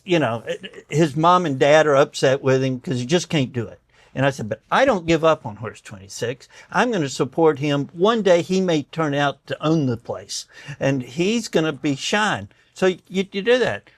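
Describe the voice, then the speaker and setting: A man's voice: fairly high pitch, no echo. An older man, a doctor, telling stories in a conversation and acting out the voices of the people in them. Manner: animated storyteller acting out quoted voices, tears up. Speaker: doctor and guest. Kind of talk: storytelling in conversation.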